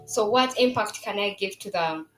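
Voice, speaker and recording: A woman's voice: medium pitch, normal speed. A woman in her twenties, a new business founder, giving an earnest launch event speech with frequent fillers and restarts. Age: 20s. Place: event venue. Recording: roomy venue with music and crowd behind.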